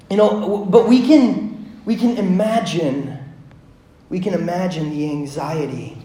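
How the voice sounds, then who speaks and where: A pastor in his thirties preaching a sermon, telling a family story in a conversational way full of fillers, moving between hushed and loud passages. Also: high-pitched, slight background noise. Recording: echoey room.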